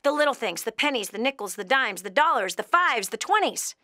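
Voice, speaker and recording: A woman hosting a call-in advice show, talking bluntly and emphatically, scolding and coaching her caller, swinging from loud bursts to hushed tones. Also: fairly high pitch, sing-song, fairly quick, dry recording, clean studio sound. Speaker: radio show host giving financial advice to a caller.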